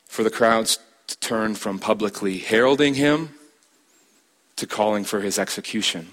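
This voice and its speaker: A man preaching a sermon as a pastor, building emphasis with dramatic pauses and repeated phrases. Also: fairly low pitch, a bit bright.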